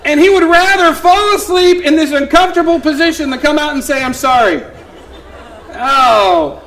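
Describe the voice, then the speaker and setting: A man in his thirties, a youth pastor performing a one-man comedy show on stage, telling stories with big swings from quiet asides to loud exclamations. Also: very high voice, moderate pace, some chatter behind. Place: theater stage.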